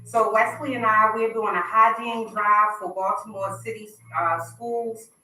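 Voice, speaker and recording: Bright-voiced woman radio host, roomy sound. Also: mid-range voice, fairly even intonation, unhurried, slight background noise. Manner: upbeat, chatty announcing. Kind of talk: casual talk radio hosting. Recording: roomy, distant mic.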